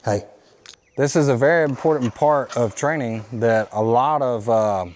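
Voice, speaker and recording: A man working as a dog trainer, explaining steps plainly and giving short, quiet commands to a dog indoors. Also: medium pitch, unhurried, in a large hall, a little hiss or hum. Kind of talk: instructional training demo.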